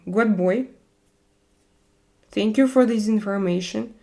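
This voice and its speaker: A Russian-accented woman chats with her viewers on a livestream in hesitant English, stopping often for fillers. Her delivery is slow and unhurried, and her pitch sits in a middle range. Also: a little mellow. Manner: hesitant, halting non-native English with many fillers. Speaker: livestream host. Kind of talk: casual livestream chat with viewers.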